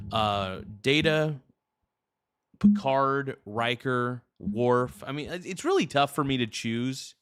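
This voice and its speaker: A man's voice: medium pitch, fairly bright tone, dry recording, clean studio sound. A man hosting a livestream, chatting casually and crudely while thanking viewers for gifts. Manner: rambling, joking, crude. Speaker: livestream host.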